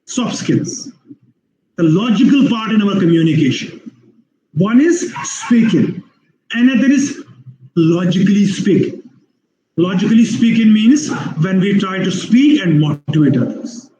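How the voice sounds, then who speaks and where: A man giving an online webinar lecture on English skills, explaining slowly with repeated phrases and drawn-out spoken examples. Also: high voice, expressive, warm tone, reverberant, a little hiss or hum, rough recording.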